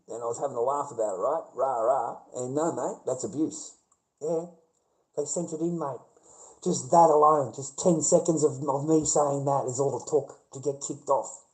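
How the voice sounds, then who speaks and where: A man's voice: medium pitch, moderate pace, a little mellow, low-quality recording. A middle-aged man with an Australian accent, chatting casually on a livestream, blunt and heavy on swearing as he rants back at his viewers.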